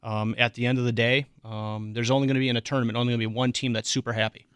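A middle-aged man, a youth softball coach speaking as a radio guest, hesitant with many ums. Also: mid-range voice, little pitch movement, racing, smooth, no room sound, studio quality. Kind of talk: casual radio interview.

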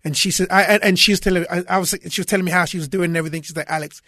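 A man with a notably high voice tells lively stories in casual chat. He often restarts his phrases and breaks into laughter along the way. The sound is dry and close. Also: racing, no room sound. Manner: animated storyteller with laughter. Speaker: guest.

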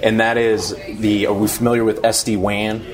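Low-voiced male sales manager explaining. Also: level tone, normal speed. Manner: explanatory, eager. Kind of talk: explaining technology. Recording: busy store crowd noise. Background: crowd chatter.

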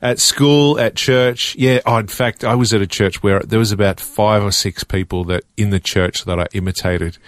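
This is a comedian man with a fairly low voice, talking casually as a guest in a radio studio. He chats loosely, laughs often, and stumbles into restarts. The recording is close and dry. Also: fairly even intonation, moderate pace, hardly any pauses, no room sound. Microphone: studio microphone.

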